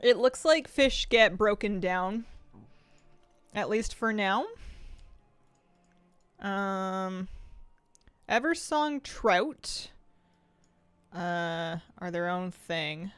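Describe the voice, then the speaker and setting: A woman streams from home in an easy, rambling way, thinking aloud as she plays and eats. Her voice sits at a middle pitch, and the sound is dry, with no room echo around it. She sounds like someone from the United States chatting with her viewers. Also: expressive, drawn-out words, long pauses, clean tone. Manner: chatty, thinks aloud while eating and playing. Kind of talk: casual live-stream gaming chat.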